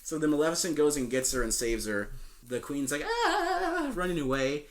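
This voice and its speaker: A man's voice: medium pitch, a little fast. A young man co-hosting a film podcast, casually retelling a movie plot with swearing, laughter and silly quoted voices. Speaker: podcast co-host.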